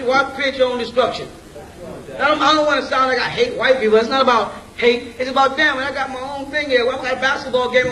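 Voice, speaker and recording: Heard from a distant mic in an echoey space with faint background noise, a man with a very high, fairly bright voice lectures a group informally. He's blunt and casual and constantly checks in with "you know what I'm saying?".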